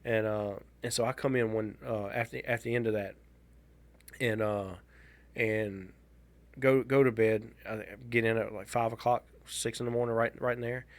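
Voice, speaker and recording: A man, co-hosting a podcast and telling a personal story in a casual, halting, wry way. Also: on the low side, level tone. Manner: halting, restarts a lot, candid and wry. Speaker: podcast co-host.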